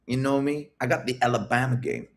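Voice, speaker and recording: A man's voice: medium pitch, a little fast, natural voice. A man putting on a cocky Southern flirt.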